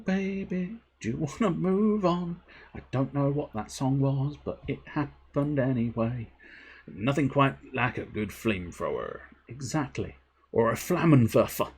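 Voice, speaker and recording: A man's voice: on the low side, husky. A man streaming video games, chatting casually in a playful, rambling way and joking to himself. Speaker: game streamer. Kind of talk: casual gameplay commentary.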